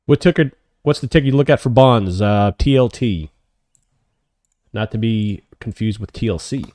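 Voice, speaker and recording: A man hosting a live options trading stream, calling his trades as they happen and answering chat questions, often excited. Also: fairly low pitch, normal speed, dry recording, clean studio sound. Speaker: options trading livestream host.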